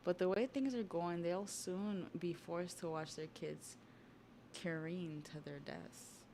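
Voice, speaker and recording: A scheming male villain who gloats over other people's pain, read aloud by a woman. The delivery is mocking and sneering. The voice sits fairly low. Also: slow, noisy background. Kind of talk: reading manga aloud on stream.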